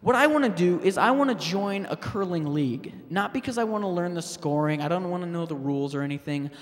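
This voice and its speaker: Halting deadpan comedian, high voice. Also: male voice. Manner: hesitant, halting delivery with fillers and restarts. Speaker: stand-up comedian. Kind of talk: deadpan stand-up set. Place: public access TV studio stage. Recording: long hall reverb.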